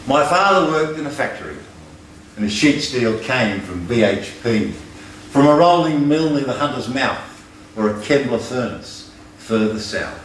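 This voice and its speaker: An older Australian man recites rhythmic verse at a folk club, landing low and firm on each refrain. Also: lively intonation, normal speed, slight background noise. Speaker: folk performer. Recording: roomy, distant live recording.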